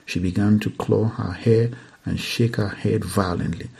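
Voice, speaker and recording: Gravelly, husky man reading aloud. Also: on the low side, normal speed. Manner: steady, earnest reading with occasional slips. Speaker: reader. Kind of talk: reading a first-person deliverance account aloud.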